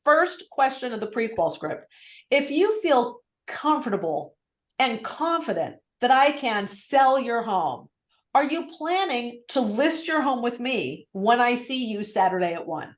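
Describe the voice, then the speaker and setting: A woman sales coach teaching on a live video call, lively and acting out phone script lines. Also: a little high, measured pace, roomy sound. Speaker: real estate sales coach.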